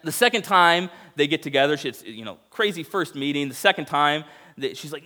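A young adult man preaching a sermon, telling stories and acting out quoted lines with big jumps in his voice. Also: brisk. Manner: animated storytelling, acts out quotes with big pitch jumps. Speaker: pastor.

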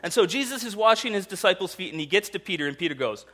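A man delivers a sermon with a bright, forceful voice set a little high for a man. He tells stories with animation and slips into the voices of the people in them. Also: fast, few pauses. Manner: animated storytelling, acts out voices in quoted dialogue. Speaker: pastor.

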